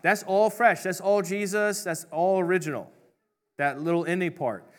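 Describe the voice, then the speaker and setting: A middle-aged male pastor giving a sermon in a conversational, joking storytelling manner, with quick voiced asides for the people in his stories. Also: high voice.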